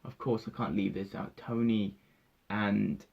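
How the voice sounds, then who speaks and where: Excitable young man with a gravelly voice. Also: on the low side, a little slow, dull audio. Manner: excitable, swearing, reenacting his own reactions. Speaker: vlogger reviewing a film. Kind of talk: excited casual spoiler talk.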